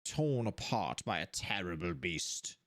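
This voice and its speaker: An animated streamer, thinking aloud while playing a game, voice jumping up high when surprised. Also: measured pace. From Seattle area, USA. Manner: animated, puzzling things out, sudden jumps to high pitch.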